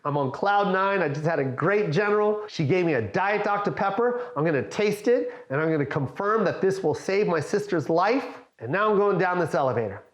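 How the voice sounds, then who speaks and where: A middle-aged man, a stand-up comedian, telling a comic story in an animated, swearing way and acting out every voice. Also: sits high, fairly quick, hardly any pauses. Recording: roomy echo with faint music.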